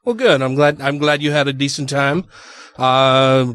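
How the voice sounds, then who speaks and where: A man's voice: mid-range voice, a little slow, fairly bright tone, smooth. A man hosting a podcast, friendly and upbeat, laughing often in casual chat. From Utah. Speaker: podcast host.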